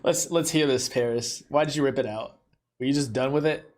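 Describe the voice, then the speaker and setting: A man hosting a casual live stream, reading viewer comments aloud in a relaxed way. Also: mid-range voice, fairly quick. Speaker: stream host reading chat.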